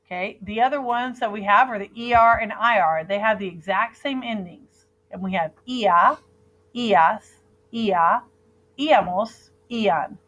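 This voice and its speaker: The recording is muffled: a woman teaching Spanish grammar in a classroom, drilling verb endings through call and repeat. She keeps a slow, even pace and a medium pitch, sounding clear and patient.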